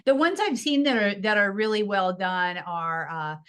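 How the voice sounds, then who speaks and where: A woman's voice: mid-range voice, moderate pace, fairly bright tone, smooth. A woman hosting a podcast interview, conversational and affirming. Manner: conversational, many affirming fillers. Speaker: podcast host.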